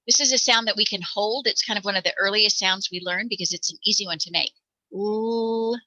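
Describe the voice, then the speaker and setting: A woman's voice: mid-range voice, steady tone, fast talker, sharp tone, no room sound, poor audio. An American woman teaching parents letter sounds, patiently demonstrating each one aloud. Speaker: reading teacher.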